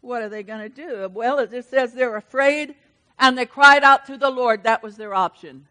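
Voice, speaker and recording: Woman preacher, high-pitched, dynamic sermon delivery, hushed one moment and booming the next. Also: moderate pace, long reverb tail, low-quality recording. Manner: animated, swings between hushed and loud.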